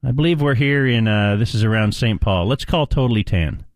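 A man's voice: lowish voice, expressive, a little fast, dry recording. A man hosting live sports talk radio, chatty and playful, rambling with asides.

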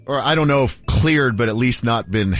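A man's voice: medium pitch, moderate pace, a bit bright. A man co-hosting a radio show, teasing his partner with wry remarks. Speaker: radio co-host. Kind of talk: casual radio banter.

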